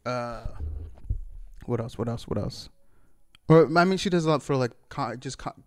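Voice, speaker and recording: A man's voice: mid-range voice, moderate pace, clear, resonant tone, dry recording, clean studio sound. A man hosting his own podcast in a loose, rambling chat, full of fillers and casual swearing. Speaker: solo podcast host.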